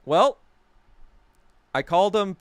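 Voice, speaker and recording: Male podcast host, lively swinging pitch, dry close sound, profane sarcastic rant. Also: slow pace, smooth, no room sound. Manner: profane, heated storytelling; sarcastic, laughing at himself. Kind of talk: casual rant.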